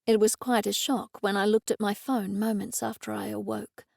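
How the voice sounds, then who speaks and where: Female audiobook narrator, first-person, measured, dry booth sound. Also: mid-range voice, flat delivery, gravelly, a little mellow, no room sound.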